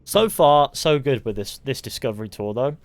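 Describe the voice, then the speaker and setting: A man's voice: mid-range voice, expressive, moderate pace, no room sound. A chatty male streamer with a blended Mancunian and West Country English accent, talking in a middling voice. He rambles loosely and answers his chat. The sound is close and dry. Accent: mixed Mancunian, West Country and Southern English. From England. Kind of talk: casual live-stream chat.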